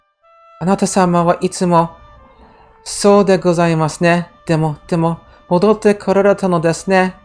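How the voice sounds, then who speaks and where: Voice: medium pitch, steady tone, fast, a little mellow, smooth, soft background music, lightly acted. Streamer reading as a stiffly polite devoted wife. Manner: stiff, overly polite speech.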